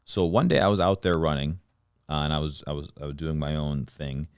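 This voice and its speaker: A middle-aged man hosting a podcast, telling a casual anecdote with animated energy and frequent laughter. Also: extremely low pitch, a little fast, clear, resonant tone, dry recording, clean studio sound. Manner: animated, laughs through his own anecdotes. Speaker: podcast host. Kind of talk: casual storytelling chat.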